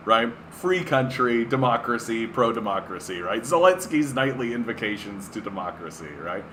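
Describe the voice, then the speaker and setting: A man's voice: on the low side, expressive, normal speed, few pauses, a bit bright, a little hiss or hum. A man from Canada streaming political commentary, reading an article aloud and breaking off into sarcastic, profane rants. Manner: sarcastic, profane, ranting, heavy use of "right?".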